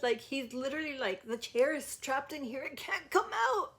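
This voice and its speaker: A woman with a high, light voice talks through a singing performance in a loose, chatty way, heavy on "like". She keeps breaking into short sung lines to show the right approach. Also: sing-song, normal speed, few pauses, a bit bright. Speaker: music reaction host. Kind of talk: casual vocal critique.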